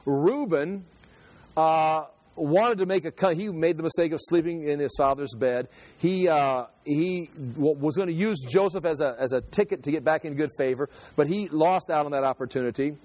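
This man's voice is a little high and a bit mellow, at a normal speed with no echo. Working through the Bible verse by verse, he reads each passage and then puts it in his own words in a conversational style. He often restarts sentences and repeats words.

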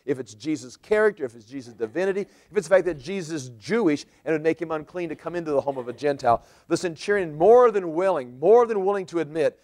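A man's voice: fairly high pitch, animated, fast, few pauses, a little mellow. A man preaching a sermon in a church, explaining scripture verse by verse and rephrasing points as he goes. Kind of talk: sermon, verse-by-verse Bible teaching.

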